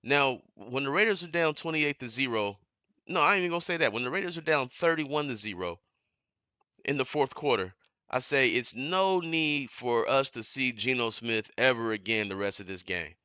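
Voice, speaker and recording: A man's voice: medium pitch, expressive, normal speed, clean tone, no room sound. Heated, profane man ranting about football. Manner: heated, profane, repeats himself, builds to shouting. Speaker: sports commentator streamer. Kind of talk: angry fan rant on a live stream. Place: home living room.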